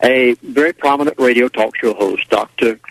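A man's voice: medium pitch, moderate pace, gravelly, fairly bright tone, a little hiss or hum, low-quality recording. A man guest on a radio talk show, telling a rambling, folksy story in a casual way and acting out what others said. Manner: folksy, rambling, acts out quoted voices.

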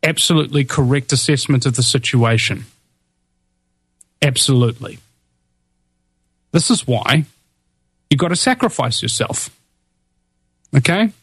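A man's voice: medium pitch, lively intonation, unhurried, pauses often, a bit bright, slightly rough, dry recording. A man from New Zealand hosting a political talk radio show, speaking in an impassioned, rallying way with many restarts and fillers.

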